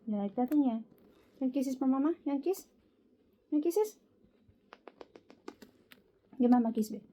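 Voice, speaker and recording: A woman's voice: sits high, expressive, moderate pace, dark tone, rough recording. A woman with a Filipino accent, talking baby talk to her pet birds in a cooing, sing-song way.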